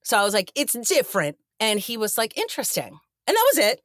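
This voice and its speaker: Middle-aged woman, animated raconteur, close dry mic. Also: a little high, fast, dry recording. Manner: animated storyteller acting out quoted voices. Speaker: actress guest. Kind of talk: casual interview chat.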